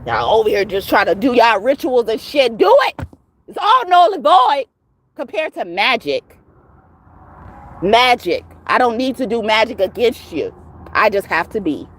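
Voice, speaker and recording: Husky and mid-range, a woman's voice carries a tarot reader's heated rant to her viewers. She's profane and emphatic, building up to shouts in a casual, angry address.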